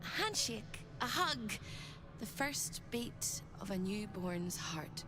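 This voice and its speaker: A woman's voice: mid-range voice, big pitch swings, slow pace. An actress voicing a fragile, haunted spirit woman held captive, whispery and pleading, in a video game. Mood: wistful. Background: game music.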